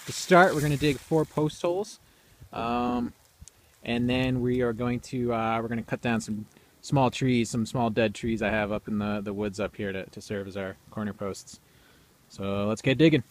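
This DIY video maker has a mid-range voice, a steady tone and a moderate pace. Recording outdoors on a camera mic, the young man loosely walks through his building project on rural land, drifting a bit and leaning on fillers.

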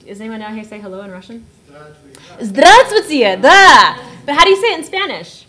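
A woman in her thirties from South Texas, a writer on a panel, telling a story. She talks in an animated way, laughs often and acts out the voices she quotes. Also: a little high, very fast. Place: auditorium panel discussion.

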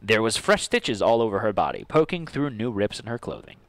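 Animated man narrating a board game. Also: fairly low pitch, a little fast, dry recording. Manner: animated, jokey reader. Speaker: game master. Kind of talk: reading story text aloud for a board game stream.

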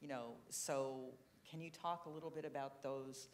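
A woman interviewer on a live event stage, asking questions with frequent pauses and fillers. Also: very deep voice, fairly even intonation, a little hiss or hum. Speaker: interviewer, books editor.

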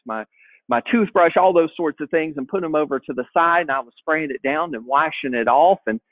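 A man's voice: fairly high pitch, no room sound. A man in his thirties, a pastor preaching a folksy, conversational storytelling sermon, often repeating his words as he goes. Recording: tinny phone-like dry sound.

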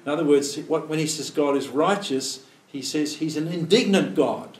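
A man's voice: a little high, moderate pace, hardly any pauses. Man teaching a Bible study in a roomy hall. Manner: thinks aloud, poses rhetorical questions, acts out quoted prayers. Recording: roomy, distant mic, faint room ambience.

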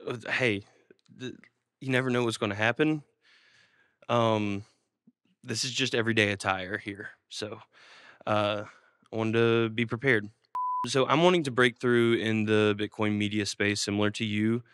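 A male host with a lowish, smooth voice asking offbeat interview questions in a deadpan, awkward way. The recording is close and dry, with no echo. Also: unhurried, pauses often.

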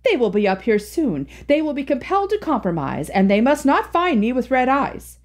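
Brief: woman reading as fretful, gushing society matron, high and lively, storybook. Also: normal speed. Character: excitable society mother, middle-aged.

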